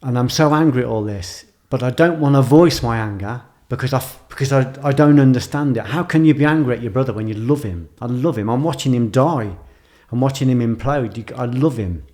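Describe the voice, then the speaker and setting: A man's voice: medium pitch, fairly quick, a little mellow. Intense, emotional man. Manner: intense, emotional, repeats phrases for emphasis. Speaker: writer and filmmaker. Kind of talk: reflective personal monologue.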